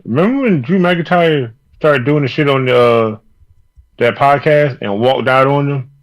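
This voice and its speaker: A man's voice: mid-range voice, moderate pace, rough recording. A man co-hosting a wrestling podcast, talking in a loose, profane, rambling way. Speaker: podcast co-host. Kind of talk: casual wrestling chat.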